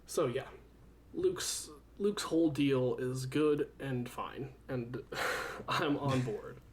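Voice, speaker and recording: A man's voice: medium pitch, slow. Male podcast co-host, laid-back and profane, mid-range voice, faint hiss. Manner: laid-back, swearing, laughs while telling stories. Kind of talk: casual chat.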